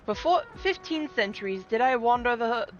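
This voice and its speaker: A woman's voice: on the high side, expressive, moderate pace, voice pushed up, natural voice. A woman voicing a formal, solemn male cat knight with stiff, old-fashioned phrasing. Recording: dull lo-fi with game music.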